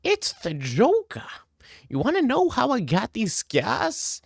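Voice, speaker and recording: A man doing a high, exaggerated impression of a menacing male villain clown. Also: wildly swooping pitch, slow pace, vocal fry, breathy edge, no room sound, heavily acted. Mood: manic.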